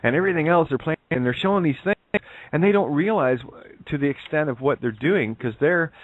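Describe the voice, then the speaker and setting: A man's voice: fairly high pitch, expressive, a little fast, dry recording. A man co-hosting a talk show, rambling and full of fillers in casual chat. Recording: tinny phone line.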